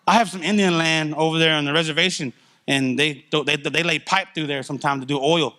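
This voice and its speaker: Animated man telling his church story. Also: fairly high pitch, a little fast. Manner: candid, conversational, animated storytelling. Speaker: church speaker giving testimony. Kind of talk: testimony in a church service.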